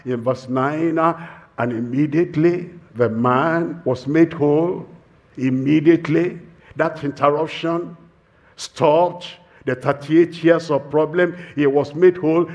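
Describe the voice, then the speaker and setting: A man preaching a sermon to a campus fellowship, slow and emphatic, repeating refrains for weight. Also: on the high side, a little mellow, muffled recording.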